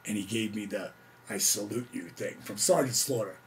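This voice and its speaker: A middle-aged man with a gravelly voice tells a story casually and excitably, whooping and acting out quotes. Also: on the low side, normal speed, noisy background. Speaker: host telling a story.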